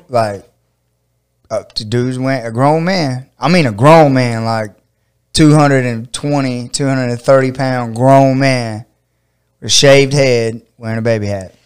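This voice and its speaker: A man's voice: unhurried, clean tone. A middle-aged man from Georgia, hosting a casual chat and telling a funny story with laughter. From Georgia, USA. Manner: animated, laughing, acts out quotes in a high voice. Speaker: podcast host and fight coach.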